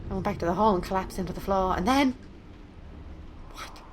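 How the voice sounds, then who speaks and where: A woman's voice: medium pitch, a little fast, a little hiss or hum, close to an everyday voice. A woman reading a frightened teenage girl's first-person narration from a horror game, anxious and breathless. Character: frightened teenage girl, captive.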